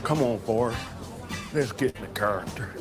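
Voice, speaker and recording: An actor playing an excitable sketch character who fires off eager guesses and pushes his partner along. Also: lowish voice, close to an everyday voice. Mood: impatient. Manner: eager, rapid guessing, bossy urging. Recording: TV clip with loud music, from off-mic.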